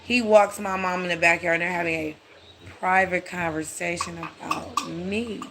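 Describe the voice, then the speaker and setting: A speaker telling a personal story in a casual, animated, blunt way with frequent swearing. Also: mid-range voice, normal speed, background noise.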